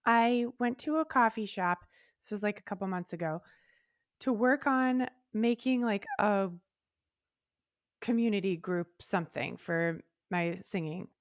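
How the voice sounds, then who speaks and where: A woman co-hosting a podcast in casual chat, telling stories in an animated way and acting out her own thoughts. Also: mid-range voice, unhurried, no room sound, clean studio sound. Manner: animated storytelling, acts out her own inner voice. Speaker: podcast co-host.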